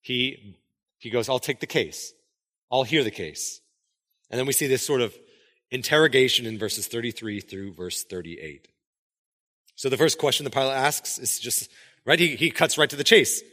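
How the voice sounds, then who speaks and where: A man pastor reading scripture and then preaching an animated sermon, acting out the quoted dialogue. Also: mid-range voice, moderate pace, in a large hall.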